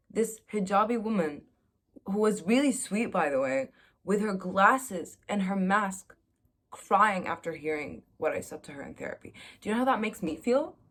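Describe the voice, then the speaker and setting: A young woman vlogger in a casual confessional chat, telling candid stories with a self-mocking, chatty humor. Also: medium pitch.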